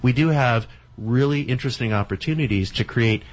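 A man's voice: medium pitch, fairly quick. A man talking at length in casual radio chat, with many restarts, on a lo-fi recording. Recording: dull lo-fi sound.

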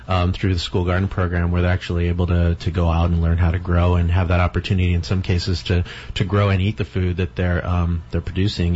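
A man's voice: sits low, darkish tone, slight background noise. A man talking at length in casual radio chat, with many restarts, on a lo-fi recording. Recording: dull lo-fi sound.

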